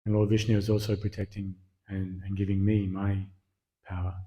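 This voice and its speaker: A man voicing a calm, devoted young boy. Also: low-pitched, normal speed, lo-fi sound, natural voice. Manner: calm, soft-spoken.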